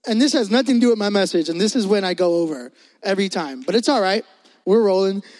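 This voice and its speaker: A young Puerto Rican man preaching as pastor, loud and joking with the congregation. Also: sits high, animated. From Puerto Rico. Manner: loud, joking, talks fast to the crowd. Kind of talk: energetic youth sermon.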